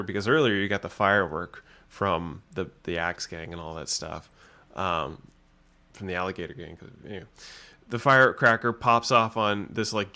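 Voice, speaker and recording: Fairly low in pitch yet bright and forceful, this man's voice carries a casual chat on a film review podcast he co-hosts. He rambles through scenes with plenty of fillers and performs the characters' dialogue himself.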